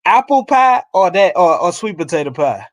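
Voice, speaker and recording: Teasing high-voiced man, dry close sound. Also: very animated, normal speed, no room sound. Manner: joking, teasing, blunt. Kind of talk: casual chat.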